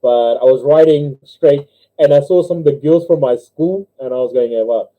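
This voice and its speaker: Young NZ-accented man, stream host, a bit high-pitched, laughs at his own jokes; dull home-mic audio. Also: normal speed. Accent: New Zealand. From New Zealand. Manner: giggly, laughs through his own jokes, squeaky voices for characters. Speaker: livestream host. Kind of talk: casual livestream chat and joke telling.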